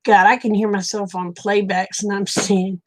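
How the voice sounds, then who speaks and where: A woman with an Oklahoma accent, from Oklahoma, USA, hosts a livestream where she chats casually and shares folksy stories, often laughing. Her voice is mid-range and level-toned, at normal speed.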